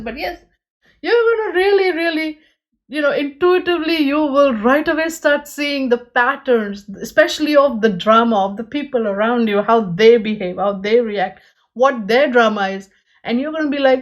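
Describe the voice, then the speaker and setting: A woman's voice: on the high side, a little slow. A woman giving a pick-a-card tarot reading, speaking earnestly and straight to her viewers, with many "you know"s.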